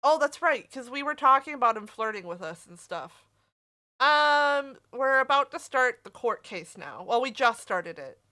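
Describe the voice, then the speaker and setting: A woman's voice: high-pitched, expressive, normal speed, pushed and bright. A woman streaming a game, chatting casually with her viewers and swearing freely. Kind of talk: casual live-stream chat.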